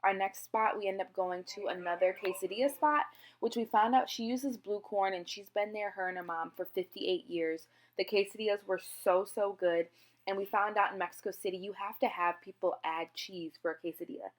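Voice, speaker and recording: A young woman chatting to her viewers in a relaxed travel vlog, keen to recommend her favourite spots. Her pitch sits in the middle, and she talks the way you would with friends. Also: brisk. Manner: chatty and enthusiastic, recommending places. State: out of breath. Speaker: travel vlogger. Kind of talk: casual travel vlog chat.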